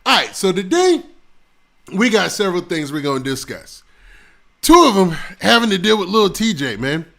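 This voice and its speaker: Gravelly high-voiced man, casual live stream. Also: very animated, normal speed. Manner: shouting out viewers' locations one after another; laid-back slang. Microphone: close mic.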